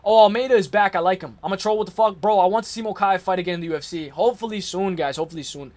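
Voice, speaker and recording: A man runs a casual live stream, making fight picks in excitable, slangy chat and responding to viewer comments. His voice sits high and he talks at a racing pace.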